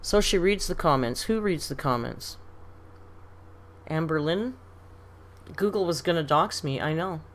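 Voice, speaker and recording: A middle-aged Canadian woman hosts a casual livestream, reading comments aloud and telling chatty stories with frequent laughter. Her low, animated voice is a little slow with long pauses, and there's a slight hiss or hum.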